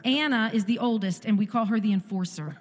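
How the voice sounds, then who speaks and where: A woman's voice: medium pitch, fairly quick, in a large hall. A woman in her forties giving an impassioned church testimony, firing off repeated rhetorical questions. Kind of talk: sermon testimony.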